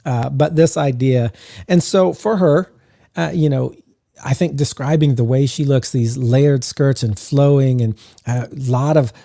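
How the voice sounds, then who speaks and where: A man co-hosting a podcast about game mastering, talking in a relaxed, musing way with lots of "uh" fillers, close to the mic. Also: mid-range voice, a little slow, vocal fry, dry recording. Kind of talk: casual podcast chat.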